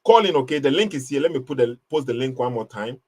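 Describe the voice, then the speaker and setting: A man's voice: medium pitch, animated, quick pace, darkish tone, slightly rough. A man hosting a live online debate, talking emphatically and mocking the caller's argument. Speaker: live stream host. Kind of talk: casual live debate commentary.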